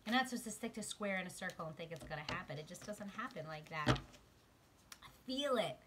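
A woman giving a spiritual tarot reading to her viewers, emotional, shifting from quiet murmurs to excited exclamations. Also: lowish voice, fairly quick, a little hiss or hum. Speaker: tarot card reader. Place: outdoors.

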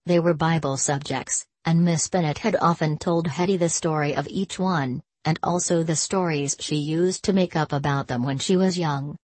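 Low-voiced woman narrating a story. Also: steady tone, normal speed, few pauses, darkish tone, no room sound.

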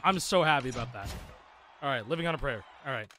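A man's voice: medium pitch, lively intonation, quick pace. A man streaming a rhythm game, chatting casually with viewers in a rambling, profane way full of fillers. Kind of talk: casual live-stream chat. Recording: game music playing loudly behind.

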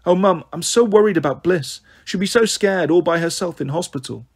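Guy doing a worried little girl, earnest, pleading, kinda husky. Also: high voice, a little fast.

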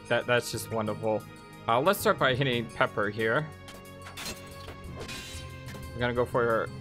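A man hosting a let's play, giving casual, wry game commentary. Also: mid-range voice. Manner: animated, wry, easily amused. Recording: music playing behind voice.

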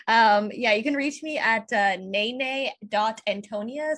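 Chatty high-voiced young woman guest. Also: takes it slowly, a bit bright, dry recording. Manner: chatty, fills speech with "like", laughs easily. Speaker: podcast guest. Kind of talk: casual conversation.

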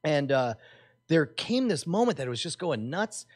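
A middle-aged man tells a long anecdote on a casual podcast. His voice sits a little high for a man, and he rambles, stopping and restarting often. His delivery stays loose and conversational throughout. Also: very animated, moderate pace, a little mellow, breathy edge. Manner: rambling, hesitant, lots of fillers and restarts. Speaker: podcast co-host. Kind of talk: casual storytelling chat.

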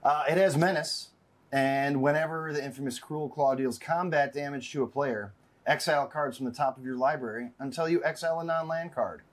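A man playing a card game in casual chat, relaxed, reading card text aloud. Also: fairly high pitch, fairly quick.

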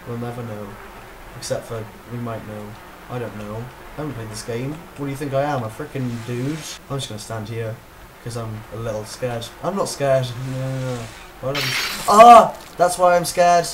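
Talking to himself and clowning around while he games, this man delivers let's-play commentary into a desktop mic. The rough recording of his medium-pitched voice carries slight background noise.

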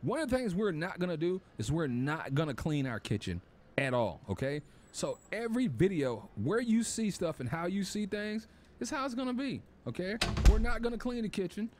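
A man's voice: high-pitched, sing-song, normal speed, slight background noise. A man narrating a cooking game, talking to viewers and getting flustered and panicky. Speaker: gaming YouTuber. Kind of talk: casual gameplay commentary. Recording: loud game music behind.

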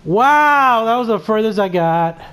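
A gamer giving live commentary while playing, swearing constantly and breaking into panicky shouts at the game. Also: medium pitch, expressive, slow.

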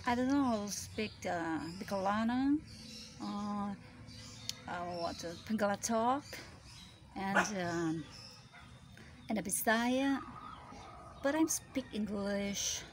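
Woman vlogger for backyard animal-chat clips: slow, singsong delivery, fussing over her pets, roosters crowing loudly behind her. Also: lively intonation, background noise. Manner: coos and fusses at her animals, with sudden high squeals. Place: outdoor backyard with chickens.

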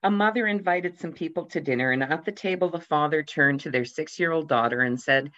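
A little fast and with few pauses, a pastor in a mid-range voice gently tells amusing little anecdotes in his church sermon. He briefly raises his voice and livens it up for quoted characters, captured in dull, lo-fi sound.

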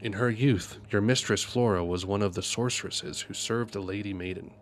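A man reading aloud as a calm old sage who recounts the past, in an even and plain manner. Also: on the low side, normal speed, slight background noise, lightly acted. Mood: grave.

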